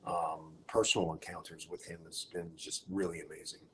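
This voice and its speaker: A middle-aged man with a lowish voice tells rock-world stories as a podcast guest. He talks in an easygoing way and jumps into bright, lively impressions when he quotes people. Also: moderate pace, a little hiss or hum. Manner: animated anecdotes with acted-out quotes. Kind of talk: casual storytelling interview.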